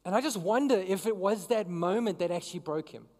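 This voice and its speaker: A man's voice: high voice, expressive, fairly quick, darkish tone, in a large hall. A man preaching a sermon as pastor, talking conversationally and throwing questions to the congregation. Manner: conversational, asks the crowd questions.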